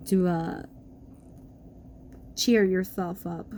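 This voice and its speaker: A woman's voice: on the low side, fairly even intonation, very slow, mellow, slight background noise. A woman recovering from illness, talking in a chatty, rambling way with lots of fillers and self-corrections in a casual vlog from her apartment. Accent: New York. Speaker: vlogger.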